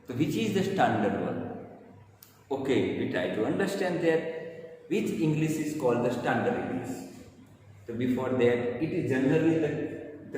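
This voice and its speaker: A man with a Gujarati accent, lecturing as a college English teacher, explaining slowly with repetition and emphatic rising stresses. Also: a little high, darkish tone, slight background noise. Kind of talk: classroom lecture. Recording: echoey distant room recording.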